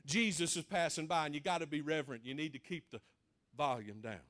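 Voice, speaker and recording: Hushing, disapproving churchgoers, as a male preacher puts them on mid-sermon, speaking low and soft to quiet a beggar. The voice sits high for a man but drops to a prim murmur. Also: fairly quick, natural voice. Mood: scolding hush. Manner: hushed, disapproving shushing. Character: scolding church people hushing a blind beggar.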